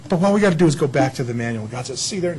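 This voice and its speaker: A man's voice: mid-range voice, rapid-fire, background noise. A man giving a casual, joking sermon, telling a story to his congregation. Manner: chatty and animated, telling a story with jokes. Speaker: pastor.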